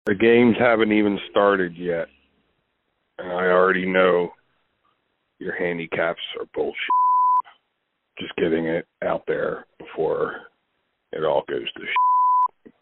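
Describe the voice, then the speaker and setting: A man who says he is high, leaving a rambling, crude voicemail. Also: huge pitch swings, takes it slowly, gravelly, long pauses. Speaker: voicemail caller. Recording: tinny phone voicemail.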